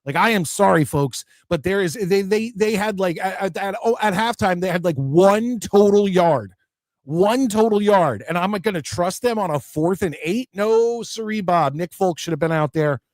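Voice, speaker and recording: A man's voice: high voice, normal speed, hardly any pauses, no echo, clean studio sound. A man hosting a casual sports talk show, reading viewer comments aloud and ranting with many restarts. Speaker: podcast host reading chat.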